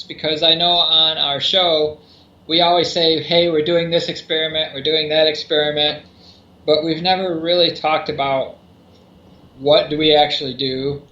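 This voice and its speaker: A man with a slightly high voice talks through his explanations, circling back with fillers and restarts. His audio sounds echoey, as if recorded in a bare room. The sound is dull and lo-fi. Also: pushed and bright. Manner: rambling, many restarts and fillers. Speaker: podcast co-host. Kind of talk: casual explanatory podcast talk.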